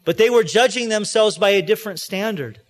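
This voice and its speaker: Male pastor, higher-pitched voice, easygoing storytelling sermon delivery. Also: fairly quick. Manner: storytelling preacher, acts out quoted voices; conversational, with frequent restarts.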